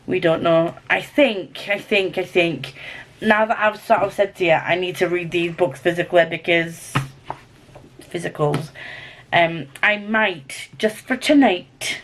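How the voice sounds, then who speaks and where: A young woman with a Scottish accent chatting casually to camera about her books, rambling and excitable. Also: fairly low pitch, a little slow. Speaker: book vlogger.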